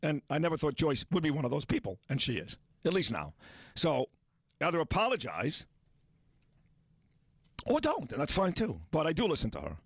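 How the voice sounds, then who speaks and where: A man's voice: a little high, wildly swooping pitch, normal speed, long pauses, slightly rough, dry recording, studio quality. A man hosting a sports talk radio show, talking bluntly and boastfully about a feud with another host.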